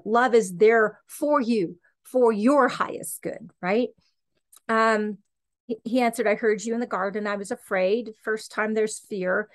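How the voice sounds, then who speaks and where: A middle-aged woman hosting a podcast, teaching the Bible in an earnest, conversational way and often checking in with "okay" and "right". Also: mid-range voice. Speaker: podcast host and Christian teacher.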